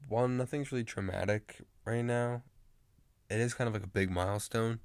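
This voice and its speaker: A man's voice: fairly low pitch, no room sound. A man in his late teens chatting casually to camera, rambling with lots of fillers and restarts. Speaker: vlogger.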